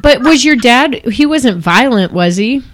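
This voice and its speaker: A woman's voice: a little high, animated, measured pace, a crowd in the background. A woman hosting an interview who affirms her guest and asks open questions. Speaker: interview host. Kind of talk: conversational interview.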